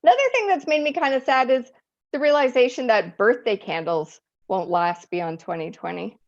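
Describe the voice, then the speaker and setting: A woman's voice: on the high side, moderate pace, dull audio. A woman doing a stand-up set, chatty and self-deprecating, often laughing at her own jokes. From Eastern Europe. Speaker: stand-up comic. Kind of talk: stand-up routine.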